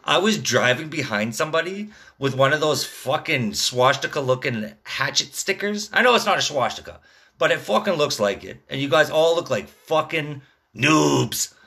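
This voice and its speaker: A man's voice: a little high, animated, normal speed, vocal fry, sharp tone, breathy edge. A man in his thirties rambling through a casual, profane rant, tagging his sentences with "dude" and "man.". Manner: rambling, swearing constantly, drawled "dude" and "man" tags.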